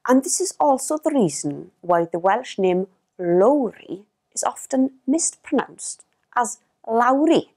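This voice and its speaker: Slow, lively female language teacher. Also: mid-range voice. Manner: clear, careful, models pronunciation. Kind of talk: scripted lesson narration.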